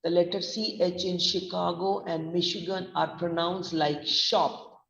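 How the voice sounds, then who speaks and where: A woman pronunciation trainer with an Indian English accent, teaching slowly and deliberately, spelling out letters and mixing in Hindi. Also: fairly low pitch, fairly even intonation, creaky, a bit bright, a little hiss or hum. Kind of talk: recorded online lesson. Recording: echoey, distant, dull lo-fi sound.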